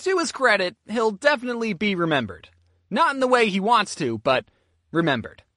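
A young man narrating a scripted comedic storytime with deadpan jokey asides. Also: high-pitched, brisk, no echo, studio quality. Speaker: storytelling YouTuber.

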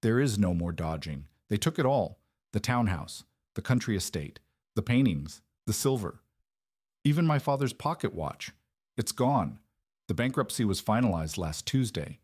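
A man's voice: on the low side, big pitch swings, moderate pace, a little mellow, husky. Man playing a broken, cracked-voiced ruined aristocrat. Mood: bitter. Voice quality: cracked, worn drawl.

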